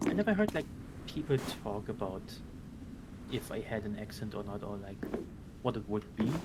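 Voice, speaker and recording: A man's voice: lowish voice, animated, moderate pace. A German man, native German speaker, making dry sarcastic remarks in casual podcast chat. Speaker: podcast co-host. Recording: loud background noise.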